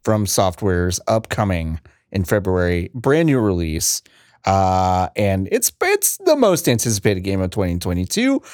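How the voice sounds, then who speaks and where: A man hosting a casual gaming podcast, playful and quick to laugh. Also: low-pitched, wildly swooping pitch, a little mellow, no echo, clean studio sound. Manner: playful, laughs often, restarts intros. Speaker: podcast host.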